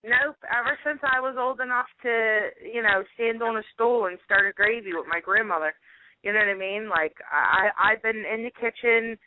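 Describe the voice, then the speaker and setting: A woman with a Philadelphia accent, a home cook telling lively stories as a radio guest, laughing often and filling her talk with "you know" and "like.". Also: on the high side, moderate pace. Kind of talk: phone-in radio interview. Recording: tinny phone line.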